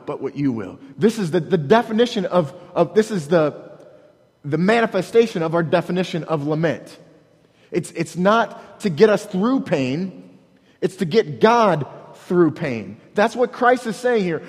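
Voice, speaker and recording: High-voiced pastor guy, slow earnest sermon, restarts a lot, long echo from the hall. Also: animated. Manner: earnest, halting with restarts, dramatic quoted prayers.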